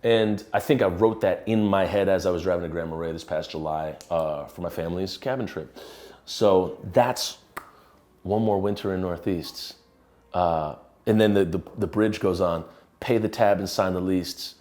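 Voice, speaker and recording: A musician talking casually about a song he is writing, rambling and relaxed with many restarts. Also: sits low, moderate pace. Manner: swears casually. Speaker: musician and songwriter.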